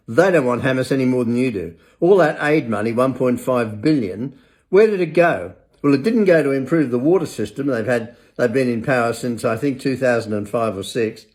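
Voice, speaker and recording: A man's voice: medium pitch, a little mellow. An older man ranting in a monologue, blunt and sarcastic, swearing freely. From England.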